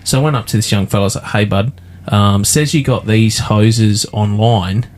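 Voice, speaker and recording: An Australian man with a lowish, darkish voice hosts a podcast from a studio, speaking at normal speed. In casual chat he launches into a sweary, ranting anecdote, putting on voices for the quotes.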